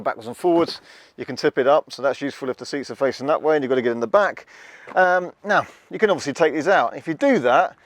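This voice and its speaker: A man's voice: a little high, a little hiss or hum. A man chatting casually in a wry, self-mocking way while showing off the inside of a passenger van. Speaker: van reviewer. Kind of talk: casual hands-on vlog demo.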